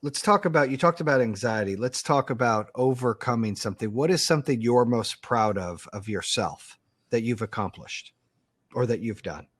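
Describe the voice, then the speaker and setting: A man's voice: mid-range voice, lively intonation, normal speed, slightly rough. A man hosting a podcast, joking along with the story and then asking earnest questions. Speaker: podcast host. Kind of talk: casual interview chat.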